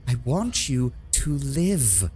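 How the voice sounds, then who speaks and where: A man voicing a tearful, gentle woman dryad who pleads in a trembling voice. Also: medium pitch, big pitch swings, takes it slowly, soft background music, voice pushed up. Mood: pleading.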